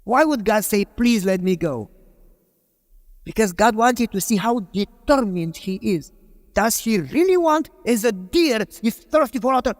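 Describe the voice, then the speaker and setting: High-voiced male preacher in a hall. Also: lively intonation, a little slow. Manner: rhetorical questions to the audience; emphatic, storytelling preacher. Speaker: pastor. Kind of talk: sermon. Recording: long hall reverb.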